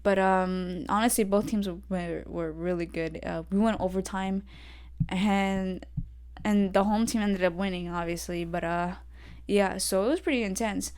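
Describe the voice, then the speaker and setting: A young adult woman hosting her own podcast, rambling through a story with lots of fillers and getting animated when irritated. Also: mid-range voice, normal speed, clear, resonant tone. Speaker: podcast host. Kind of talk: solo casual rant. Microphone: desk podcast mic.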